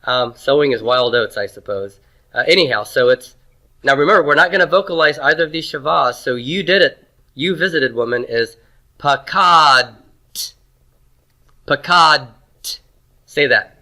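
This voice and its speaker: Teacher: man, bright tone, quizzes the class and cracks folksy jokes. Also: medium pitch, a little fast, rough recording. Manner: drills pronunciation, asks the class questions, folksy jokes. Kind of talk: classroom lecture.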